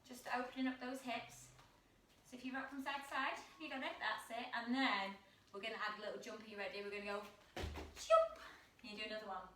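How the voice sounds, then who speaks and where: Bright, encouraging woman yoga teacher. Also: fairly high pitch, little pitch movement, fast, a little hiss or hum. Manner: encouraging and playful, praising the child. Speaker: kids yoga instructor. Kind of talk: guiding a children's yoga class. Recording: roomy, distant from the mic.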